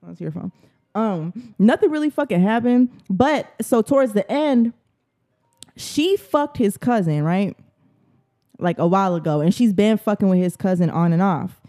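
A young woman on a podcast tells a story in loose, profane chat. Her voice is mellow and low in brightness. She acts out other people's lines as she goes. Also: normal speed. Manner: animated, profane storytelling with acted-out quotes. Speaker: podcast co-host.

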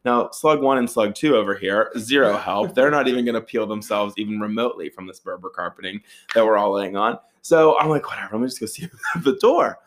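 A man's voice: fairly quick, few pauses. Guy telling a crazy story to his buddies, swears a lot, voice jumps way up when he quotes people. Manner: animated, profane, acts out quotes with big pitch jumps. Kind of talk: casual storytelling among friends.

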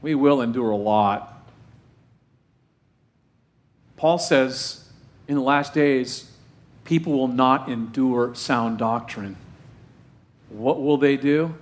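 A man preaching a sermon as pastor, full of rhetorical questions and emphatic repetition, slowing down to stress key phrases, with playful asides. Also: medium pitch. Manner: playful asides and self-deprecating humor.

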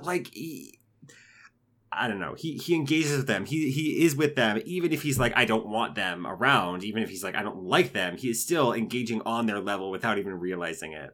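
Man, bright forceful tone, casual rambling film talk, sweary and sentimental. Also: on the low side, lively intonation, fairly quick. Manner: rambling, emotional, lots of fillers and profanity. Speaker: podcast co-host. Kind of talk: casual movie review chat.

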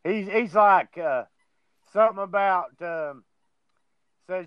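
Casual podcast co-host, man, rambling and profane, smooth fairly high voice, phone-line sound. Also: slow pace, no echo. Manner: rambling, swears freely. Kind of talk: casual chat.

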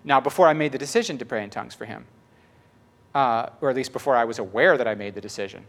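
A pastor delivers a casual, story-filled sermon in a fast, medium-pitched voice. Chatty and animated, he often laughs and acts out what people said.

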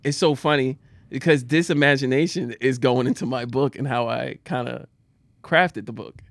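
A man co-hosting a casual chat, animated and quick to laugh loudly. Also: mid-range voice, gravelly, no room sound. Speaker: podcast co-host.

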